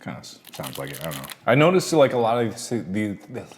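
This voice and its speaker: A man's voice: on the low side, sing-song, fairly quick, slight background noise. A man from the United States chatting casually as he tastes and reviews snacks, rambling with lots of fillers. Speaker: food taste-tester.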